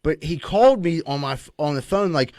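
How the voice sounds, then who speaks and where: A man's voice: on the high side, lively intonation, brisk, a little mellow, no room sound. Profane, rambling man. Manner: rambling, profane, says "you know what I mean" a lot. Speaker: podcast co-host. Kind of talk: casual crude storytelling.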